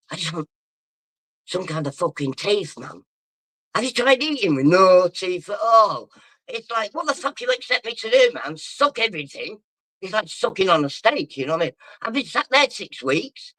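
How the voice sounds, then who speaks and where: A man's voice: high-pitched, expressive, normal speed, sharp tone, dry recording. A drunk man rambling and swearing as he chats on a livestream and reads out comments. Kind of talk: casual livestream chat, reading comments.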